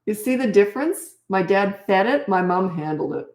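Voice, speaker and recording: A woman's voice: mid-range voice, animated, moderate pace, darkish tone, reverberant. An older woman coaching parents in casual talk, blunt and no-nonsense, often acting out what parents and children say. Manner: blunt, no-nonsense, acts out quoted lines.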